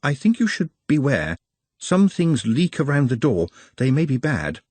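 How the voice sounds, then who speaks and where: Brief: man reading earnest male goblin scholar, formal and careful, husky, dry close recording. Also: medium pitch, very animated, measured pace, darkish tone, no room sound, pitched above the performer's own voice. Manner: precise, formal, hesitant phrasing.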